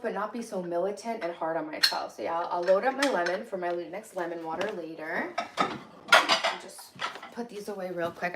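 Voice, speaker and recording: A woman's voice: medium pitch, very noisy. A bubbly, enthusiastic woman hosting a casual livestream from her home kitchen, reading viewer comments aloud. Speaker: livestream host.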